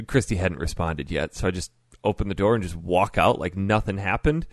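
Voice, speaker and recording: Laughing low-voiced male podcaster. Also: animated, a little fast, no echo, studio quality. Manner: laid-back, laughs often. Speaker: podcast host. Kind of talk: casual chat and storytelling.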